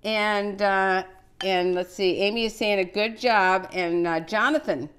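A woman's voice: mid-range voice, a little slow, fairly bright tone, smooth. A woman in her sixties hosting a live cooking show, chatty and encouraging, reading out greetings from viewers. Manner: frequent fillers and restarts. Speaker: host of a children's cooking show.

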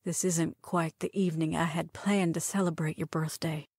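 A woman's voice: low voice, steady tone, normal speed, darkish tone, breathy edge, dry recording. A woman reader voicing a self-assured woman doctor and pilot who speaks in a dry drawl. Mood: wry.

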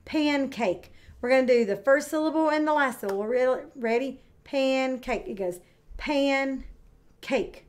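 A woman teaching kindergarten, speaking slowly and clearly with encouraging, drawn-out words for young children. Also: high-pitched. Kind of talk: read-aloud lesson for young children.

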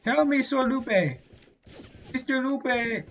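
A bright, sharp-toned gamer voice talking over a match in casual let's-play commentary. The pitch jumps around constantly, yet the talk stays unhurried between bursts of yelling and slangy trash talk. A faint hiss sits under the voice. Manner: excitable, blurts reactions and yells at other players. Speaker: gaming video creator.

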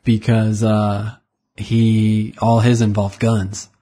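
A man with a low, husky voice, in his thirties, chatting on a podcast and spinning a rambling anecdote. He chuckles often and keeps the tone loose and casual. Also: completely flat delivery, slow pace, dark tone. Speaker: podcast co-host. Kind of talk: casual chat.

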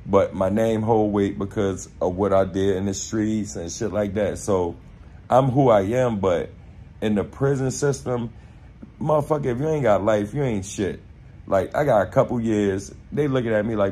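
A young man with a Baltimore accent telling a casual story, animated and profane, acting out quotes in street slang. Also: on the low side, normal speed, slightly rough. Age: young adult.

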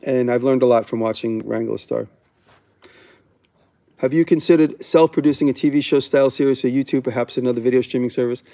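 A man's voice: medium pitch, fairly even intonation, fairly quick, gravelly, dark tone. A man hosting a casual livestream, answering viewer questions in a rambling, candid way that often breaks off mid-thought. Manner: rambling, self-interrupting, candid.

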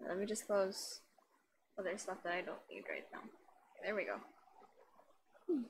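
A woman's voice: medium pitch, big pitch swings, normal speed, pauses often, noisy background. A young woman live-streaming a game, chatting giggly and casual to her viewers. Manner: giggly, chatty, talks to chat. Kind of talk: live-streamed gameplay commentary. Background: game music.

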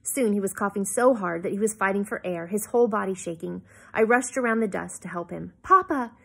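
Breathy woman reading a novel aloud. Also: mid-range voice, fairly quick. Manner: expressive, with small slips and asides. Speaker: reader.

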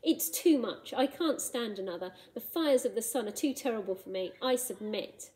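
Storybook read-aloud: a woman reading as a worn-out male space dragon, mournful and pleading, soft mellow tone. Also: on the high side, expressive, moderate pace, lightly acted, poor audio. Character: exhausted, defeated male space dragon monster.

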